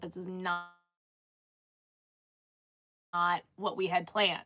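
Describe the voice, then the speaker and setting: A woman's voice: lowish voice, little pitch movement, slow pace, background noise. A woman chatting casually on a live stream, rambling with lots of restarts and filler words.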